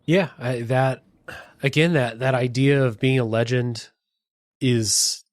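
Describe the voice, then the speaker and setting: A man with a mid-range voice hosts a casual podcast, mostly giving short reactions and thinking out loud. The sound is dry, with no room echo. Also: mid-range voice, steady tone, slow pace. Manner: brief reactions and musing replies. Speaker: podcast host.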